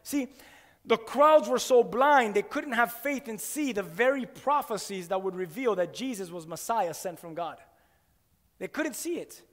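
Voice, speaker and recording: A man preaching a sermon in an animated way, firing rhetorical questions at his listeners. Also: high-pitched, measured pace. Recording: long hall reverb.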